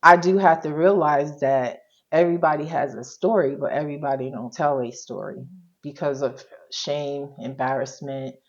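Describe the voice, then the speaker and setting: Low-voiced woman telling her story. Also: normal speed, highs cut off. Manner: colloquial and frank, quotes her own past words. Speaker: interview guest, social worker. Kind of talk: candid personal storytelling.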